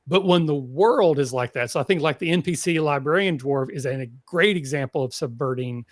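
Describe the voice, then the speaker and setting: A man's voice: a little high, fairly quick, no echo, studio quality. A man with a Kentucky accent, chatting casually on a tabletop gaming podcast, rambling with lots of fillers. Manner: rambling, filler-heavy, animated. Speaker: podcast panelist.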